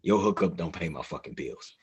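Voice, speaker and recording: Husky-voiced man venting bluntly. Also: rumbling low, fairly quick, highs cut off. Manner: heated, blunt, profane. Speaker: podcast co-host. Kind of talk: casual group discussion.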